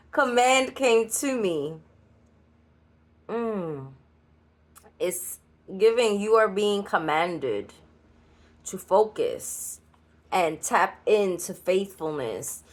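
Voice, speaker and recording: Slow-talking Nuyorican woman card reader. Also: mid-range voice, expressive. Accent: New York Puerto Rican. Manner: chatty, laughing asides, blunt straight talk. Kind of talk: channeled tarot reading. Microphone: solo creator recording.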